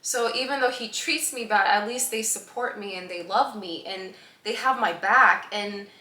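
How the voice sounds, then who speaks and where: A young woman vlogger telling a personal story in a lively, laughing way, acting out the voices of the people in it. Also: mid-range voice, moderate pace, roomy sound.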